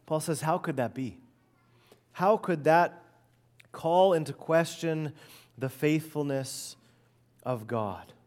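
A middle-aged man preaching an expository sermon, earnest and emphatic, often letting phrases fall soft and low at the end. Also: slow, pauses often. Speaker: pastor.

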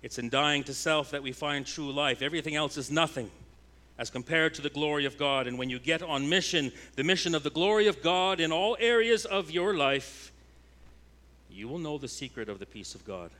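A pastor preaching a sermon, a man whose delivery swings between loud, emphatic declarations and hushed, intense passages. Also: a little high, normal speed.

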